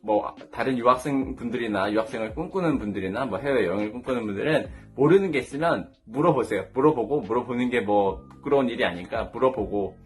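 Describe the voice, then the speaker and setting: A man's voice: medium pitch, lively intonation, racing, few pauses, faint music behind. A young man from South Korea, speaking English with a Korean accent, telling funny stories in a storytime vlog and acting out the people in them as he laughs. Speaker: vlogger.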